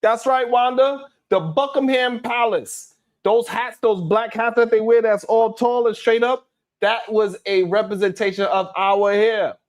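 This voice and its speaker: A man with a very high-pitched voice hosts a live stream, reading viewer comments at a measured pace with fairly even intonation. His talk is casual yet heated, full of swearing, and he calls out chat viewers by name.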